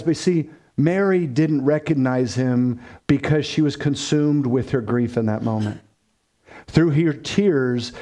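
A man's voice: mid-range voice, warm tone. A man preaching a sermon as a pastor, in an earnest, pleading way.

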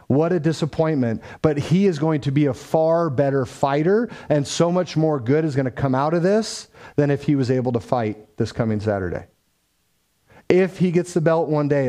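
His voice is mellow and medium-pitched. In an easygoing, faith-flavored way, the man relates a story about his family, performing the dialogue as he goes and leaning on frequent fillers.

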